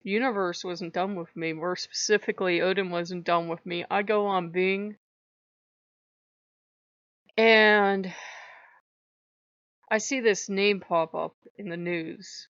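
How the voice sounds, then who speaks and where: A woman's voice: on the low side, steady tone, slow, long pauses, a bit bright, clean tone, no room sound. Woman vlogger, emotional confessional, dull dry mic. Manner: candid and emotional, swears freely, laughs through it. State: after crying. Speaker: channel host. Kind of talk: casual personal vlog. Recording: muffled dry homemade mic.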